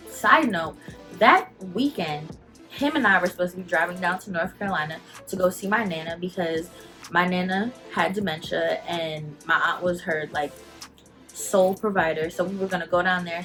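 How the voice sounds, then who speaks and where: A young woman telling a personal story to her channel in casual talk, animated and emotional, full of "like" fillers, holding back tears. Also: lowish voice, normal speed, soft background music. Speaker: vlogger.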